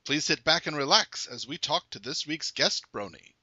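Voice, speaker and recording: A man's voice: a little high, expressive, moderate pace, bright, forceful tone, breathy edge, no room sound, lo-fi sound. A man hosting a casual podcast interview, joking around and laughing often. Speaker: podcast host.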